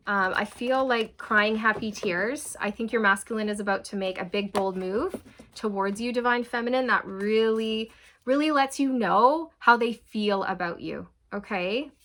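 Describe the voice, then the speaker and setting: A woman's voice: a little high, slight background noise. A woman giving a channeled tarot reading to viewers, talking in a repetitive way with frequent "okay" and laughter. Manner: warm, repetitive, addresses viewers as you guys; often laughs and says okay. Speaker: tarot reader.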